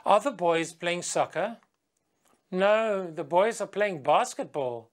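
A woman English teacher gives children a slow, clear video lesson. She patiently asks quiz questions and leads the class in a chant, singing it in a higher, lively voice.

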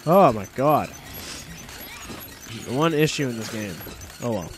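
A young man talks through a video game in a loose, rambling way, cursing offhandedly and grumbling at the game's quirks. His voice sits at an ordinary male pitch. A faint noise runs under the recording. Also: expressive, measured pace. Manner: rambling, swears casually, easily annoyed. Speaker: gameplay commentator. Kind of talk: casual let's-play commentary.

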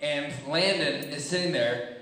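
A young man tells a childhood story to kids, acting out screams and voices. His voice is bright and a little high. He sounds distant, with long reverb from a large hall. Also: a little slow. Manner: animated, acts out screams and voices. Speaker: children's ministry speaker. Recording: echoey hall from far off.

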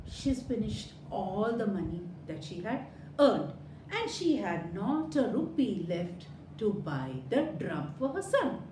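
Woman storyteller for kids, animated and questioning, unhurried with big pitch swings. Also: slight background noise. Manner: animated, sing-song, asks children questions. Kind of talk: children's storytelling. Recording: roomy echo.

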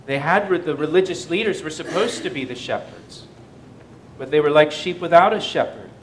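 Man, pastor, sermon reading, fairly high voice, faint rumble behind. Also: lively intonation, moderate pace. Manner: reads scripture with rising emphasis, explains plainly between verses. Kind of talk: verse-by-verse sermon.

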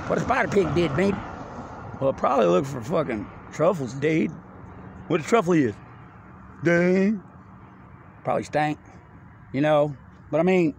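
A man's voice: a little high, vocal fry, a little hiss or hum. A man talking outdoors in a rambling, profane, jumpy stream of slang and free association. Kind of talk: rambling, profane, disjointed monologue.

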